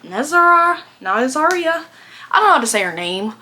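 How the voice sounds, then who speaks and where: A woman's voice: medium pitch, big pitch swings, racing, sharp tone. A young woman vlogging about books, chatting casually and animatedly with lots of fillers and slang. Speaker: book vlogger. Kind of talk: casual rambling book review.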